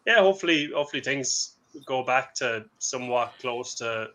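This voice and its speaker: An Irish man with a softened Limerick accent talks in an easygoing, repetitive way on a comedy show. His voice sounds bright, and a faint hiss runs under it. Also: medium pitch, expressive, normal speed. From Ireland. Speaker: comedian guest. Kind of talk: casual chat on a live comedy show.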